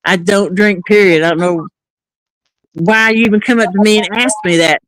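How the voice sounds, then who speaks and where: A woman's voice: mid-range voice, normal speed, no room sound. Woman telling a story, dry close sound. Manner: animated, acts out quoted dialogue. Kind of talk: casual storytelling.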